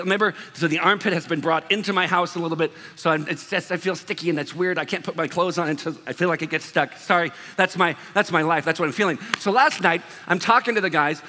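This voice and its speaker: A man's voice: fairly high pitch, fast, pushed and bright, big-room sound. A man preaching a sermon as pastor, talking in a loose, conversational way with self-deprecating asides.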